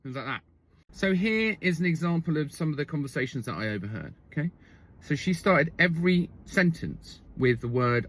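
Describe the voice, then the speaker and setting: A man's voice: medium pitch, lively intonation, normal speed. A man telling a comic story in a wry monologue, often checking in with "okay?" and "right?".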